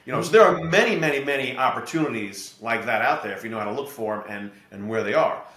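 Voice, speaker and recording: A middle-aged man from New Jersey, a podcast guest and real estate investor, explaining his ideas through steady anecdotes. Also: medium pitch, fast talker. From New Jersey, USA. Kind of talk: podcast interview storytelling. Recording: echoey room.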